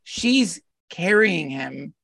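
A man, a podcast guest, telling a heartfelt personal story in an animated, earnest way and often laughing. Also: high-pitched, very slow, vocal fry, slightly rough, dry recording, far from the mic. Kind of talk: casual storytelling conversation.

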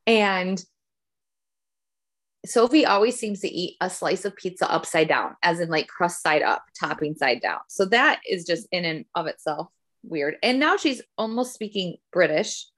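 A woman's voice: lowish voice, lively intonation, a little slow, fairly bright tone. Chatty middle-aged woman. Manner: chatty, rambling storytelling. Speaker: podcast co-host, mother. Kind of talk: casual family chat.

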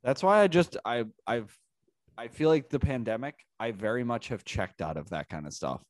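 A man's voice: medium pitch, expressive, moderate pace, no room sound. A man co-hosting a podcast in casual chat, swearing and joking crudely. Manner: crude, swearing, laughs often. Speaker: podcast co-host.

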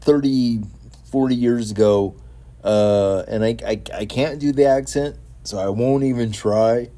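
A man with a mellow, warm voice hosting his own wrestling talk show at an unhurried pace. He stumbles through fillers and repeats words, then gushes with enthusiasm about the week ahead. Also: mid-range voice. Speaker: podcast host.

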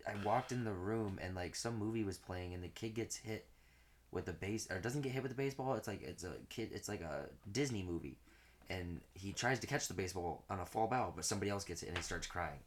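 A man telling a long, crude story to friends in a casual chat, animated and swearing, often laughing through his punchlines. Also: deep voice, moderate pace, slight background noise.

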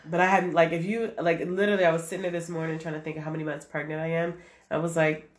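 A pregnant woman in her thirties co-hosting a casual chat, animated and quick to laugh, with an occasional cough. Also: deep voice. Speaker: podcast co-host. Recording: roomy, faint background noise.

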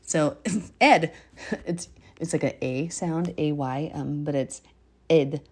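A woman leads an informal Bible study, her voice sitting a touch low. She talks in a chatty, easygoing way, laughing often. She becomes animated when driving a point home, speaking into a phone. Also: takes it slowly, breathy edge. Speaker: Bible teacher. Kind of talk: casual Bible study teaching.

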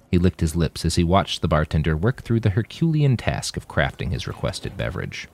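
Deep-voiced male audiobook narrator. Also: brisk, few pauses, no echo. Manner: expressive, dramatic storytelling.

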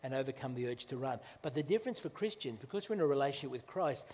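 A male pastor preaching a sermon in a conversational way, with restarts and slow, emphatic phrases, in a church. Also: mid-range voice, lively intonation, darkish tone, in a large hall.

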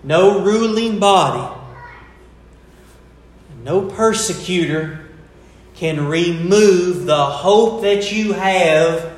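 A man preaching a sermon in a slow, deliberate way, pausing to stress key words. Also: high-pitched, echoey room.

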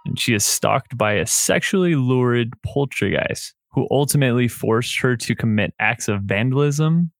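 Man, laid-back podcast co-host, quick to laugh, dry close mic. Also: mid-range voice, expressive, creaky, no echo. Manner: easygoing, laughs often. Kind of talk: casual chat.

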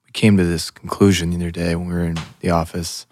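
A man's voice: low voice, little pitch movement, fast, a little mellow. A man co-hosting a pop culture podcast, chatting in an easygoing way and calling people "dude". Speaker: podcast co-host. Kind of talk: casual pop culture chat.

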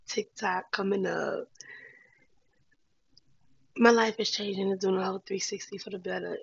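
A woman vlogs to camera in an honest, upbeat way, cheering her viewers on with plenty of slang in a heartfelt, casual talk. Her voice is lowish and gravelly with a breathy edge, and the audio is dull.

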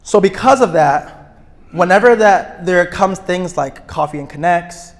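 A man speaking to a room of couples at a retreat, energetic and outgoing, often checking in with his listeners. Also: high voice, a little slow. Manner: energetic, self-described extrovert; checks in with listeners, asking "right?". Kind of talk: live talk to an audience.

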